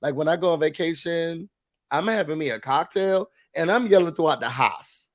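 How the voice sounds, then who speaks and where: A man co-hosting a casual reality-show recap, nasal from a cold, animated and acting out quotes. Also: a little high, normal speed. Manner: animated, acts out quotes with big shouts. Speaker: podcast co-host.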